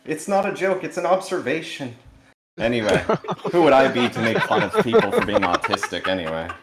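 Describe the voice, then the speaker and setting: A man's voice: medium pitch, sing-song, fairly quick, heavy background noise. Sarcastic man roasting in an echoey room. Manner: sarcastic, mock-earnest delivery with self-deprecating asides. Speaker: roast participant. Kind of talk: comedic roast set over a video call. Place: newly moved-in, barely furnished home. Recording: echoey, sparsely furnished room.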